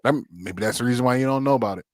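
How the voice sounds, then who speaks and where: A man co-hosting a podcast in casual chat, chiming in with quick reactions and laughter. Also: mid-range voice, a little mellow, no echo. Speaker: podcast co-host.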